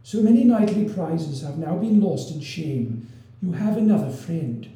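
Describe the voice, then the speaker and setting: A man's voice: a little high, animated, measured pace, mellow, distant mic. A man voicing a proud noble husband who accuses his wife bitterly, in a storybook reading with a roomy echo. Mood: accusing.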